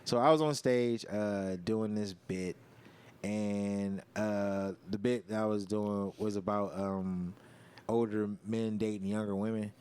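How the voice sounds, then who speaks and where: A man's voice: lowish voice, steady tone, slow, darkish tone, clear, resonant tone. A man who is a stand-up comedian and podcast host, telling a story in casual, profane, slang-heavy chat.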